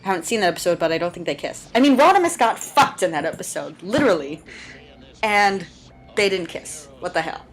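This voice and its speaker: A woman's voice: fairly low pitch, expressive, a little fast, faint music behind. A woman doing a casual, chatty fan commentary over a cartoon episode, sarcastic and laughing, with the odd swear word.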